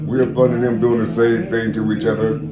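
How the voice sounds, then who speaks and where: A man's voice: lowish voice, little pitch movement, brisk, roomy sound, over a noisy crowd. A man by a river at night giving a profane, preachy, rambling monologue, repeating "you see" often. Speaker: vlogger.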